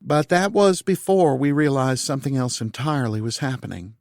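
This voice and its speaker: A man's voice: medium pitch, darkish tone, dry recording, studio quality, close to an everyday voice. A man voicing a formal female senator briefing officials. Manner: measured, formal briefing delivery. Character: brisk female senator leading a secret briefing. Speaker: narrator voicing character.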